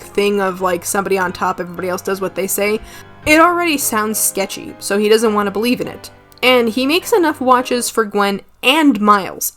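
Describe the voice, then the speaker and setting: A woman giving casual video commentary, chatty, with asides and swearing. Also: fairly high pitch. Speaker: video essayist.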